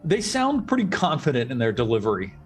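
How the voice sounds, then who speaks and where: A man's voice: medium pitch, fairly quick, soft background music. Easygoing male dungeon master. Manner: relaxed, easygoing narration with fillers. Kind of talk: narrating a tabletop game.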